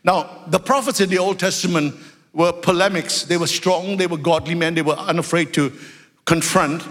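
Preacher, male, high voice, animated storyteller who climbs into shouts, live in a reverberant church hall. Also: moderate pace. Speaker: pastor. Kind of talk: sermon.

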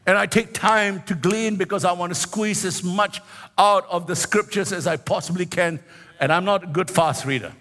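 High bright-voiced preacher in his sixties. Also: normal speed, in a large hall. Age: 60s. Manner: fervent preaching with frequent hallelujahs and sing-song emphasis. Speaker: pastor. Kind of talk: sermon.

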